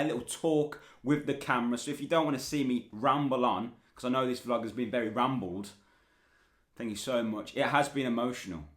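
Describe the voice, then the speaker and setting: A young man, talking in a chatty, rambling and sweary way in a casual travel vlog. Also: medium pitch. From England. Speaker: vlogger.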